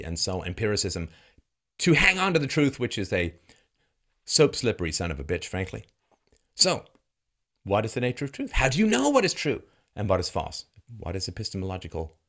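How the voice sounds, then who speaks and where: Sarcastic man with a lively, swinging voice. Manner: sarcastic, emphatic, rhetorical questions, chuckles often; swings from loud mocking peaks to low grave tones. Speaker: commentary show host. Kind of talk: commentary monologue reacting to a news segment.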